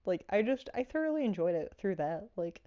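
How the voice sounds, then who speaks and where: A woman's voice: mid-range voice, big pitch swings, brisk, dark tone, dull audio. A woman giving a casual, rambling movie review, full of fillers and frequent laughter.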